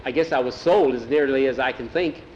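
A man's voice: medium pitch, brisk, darkish tone, slight background noise, close to an everyday voice. A man voicing a lost young American boy who talks hesitantly and stumbles over words, on a lo-fi recording. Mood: earnest. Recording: dull lo-fi recording.

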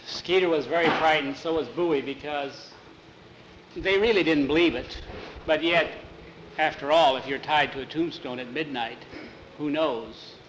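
A man with a slightly raised pitch retells a spooky tale in his own words, pausing and correcting himself now and then. A faint hiss sits behind his voice. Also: a bit bright, low-quality recording. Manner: unscripted retelling with restarts, lifts pitch for scared boys. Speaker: storyteller. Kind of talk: spoken storytelling, voicing characters.

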